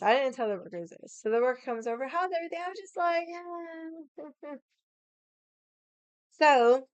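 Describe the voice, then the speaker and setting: A woman's voice: medium pitch, clean tone, dry recording. A woman in her forties with a Boston accent, ranting casually and bluntly to camera with heavy swearing and indignation. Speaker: vlogger.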